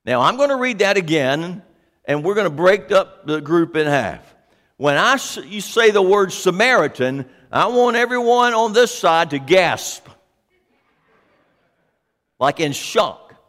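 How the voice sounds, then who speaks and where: A man's voice: high-pitched, sing-song, unhurried, a bit bright, big-room sound. A man preaching a sermon as pastor, speaking animatedly and putting questions to his congregation.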